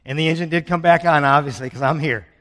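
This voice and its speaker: A man's voice: on the high side, fairly even intonation, fast, a bit bright. A man in his sixties preaching a sermon as pastor, earnest and urgent, mixing personal stories with scripture. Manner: earnest, building urgency with storytelling. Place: church sanctuary. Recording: long church reverb.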